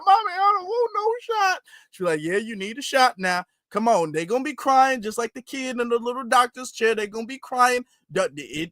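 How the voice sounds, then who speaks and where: High-voiced man preaching on a livestream. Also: sharp tone, no room sound, studio quality. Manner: preachy, teasing, repeats phrases. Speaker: livestream host. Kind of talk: casual livestream talk.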